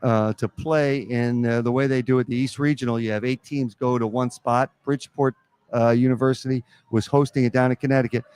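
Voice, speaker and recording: A man who coaches college basketball, telling lively stories in a live podcast interview at a pizza restaurant. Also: medium pitch, brisk, clear, resonant tone. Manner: animated storyteller acting out quotes.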